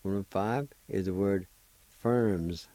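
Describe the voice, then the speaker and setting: Slow, low-voiced man teaching. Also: mellow, no echo. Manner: breaks words into syllables, repeats them slowly. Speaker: language teacher and radio host. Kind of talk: slow pronunciation lesson.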